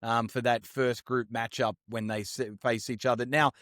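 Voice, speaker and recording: A man's voice: mid-range voice, flat delivery, normal speed, a bit bright, no echo, clean studio sound. A man co-hosting a sports podcast, chatting upbeat and slangy about the week's games. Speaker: podcast co-host. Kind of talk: casual sports chat.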